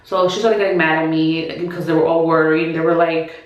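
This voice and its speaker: Speaking a little fast in a low, level voice, a woman vlogger tells her followers about something that happened to her, and the audio is lo-fi. Her style is chatty and filler-laden, with many restarts and acted quotes, in a very echoey space.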